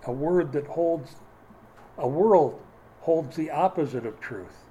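Male pastor, sermon delivery, emphatic with dry wit, voice sits a touch high. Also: lively intonation, takes it slowly, dark tone, a little hiss or hum, low-quality recording. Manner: emphatic preaching with dry humorous asides.

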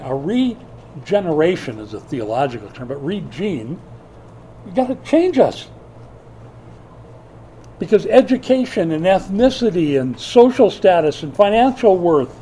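An older male preacher with a warm, mellow, slightly high voice delivers a sermon in a church. He talks in lively swings, rising to loud emphatic bursts and dropping to near-hushed asides. A faint hiss sits under the recording. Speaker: pastor.

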